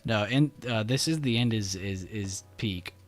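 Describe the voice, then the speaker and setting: A young man hosts a trading livestream, chatting in a laid-back, slangy way and laughing easily. His voice is lowish and his pace measured.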